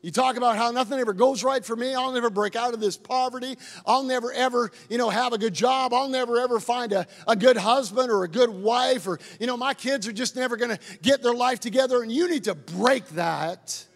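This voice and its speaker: A middle-aged man preaching a sermon as a pastor, impassioned and building to loud declarations. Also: extremely high pitch, brisk, gravelly, few pauses. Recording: long hall reverb.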